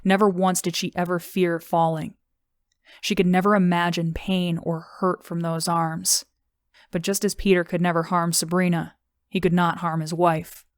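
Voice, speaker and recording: Low, even-toned woman narrator. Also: normal speed, dry recording, studio quality. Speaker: audiobook narrator. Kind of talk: scripted narration.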